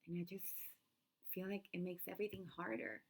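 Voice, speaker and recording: A woman's voice: on the low side, little pitch movement, fairly quick, gravelly. A young woman talking candidly and at length, with many fillers and restarts, as the host of her own talk channel. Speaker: vlog host. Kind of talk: unscripted personal talk.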